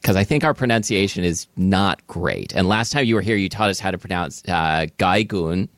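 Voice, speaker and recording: Deep, lively man co-host. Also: normal speed, no echo. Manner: easygoing, chuckling. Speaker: podcast co-host. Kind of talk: casual chat and host intro.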